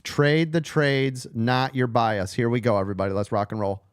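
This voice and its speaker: A man's voice: mid-range voice, steady tone, moderate pace, clear, resonant tone, dry recording, studio quality, soft background music. A man losing his voice, coaching a live trading room, blunt and profane, repeating key points.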